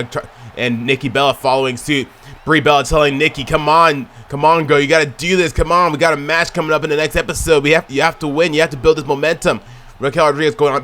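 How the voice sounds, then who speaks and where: A man giving excitable play-by-play commentary on a wrestling video game, chatting to viewers and shouting at near-falls. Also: medium pitch, a little hiss or hum. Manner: chatty, addresses viewers as y'all.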